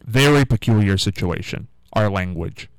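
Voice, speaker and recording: A man's voice: fairly low pitch, expressive, moderate pace, smooth, no room sound, low-quality recording. Chatty man hosting a radio show. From Ohio. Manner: rambling, chatty, musing aloud. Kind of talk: casual radio monologue.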